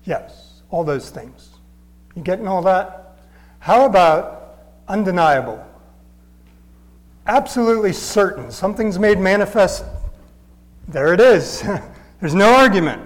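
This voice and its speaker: A man's voice: high voice, animated, a little slow, long pauses, rough recording. A man preaching a sermon, teaching in an earnest, conversational way and pressing his points with emphatic repetition.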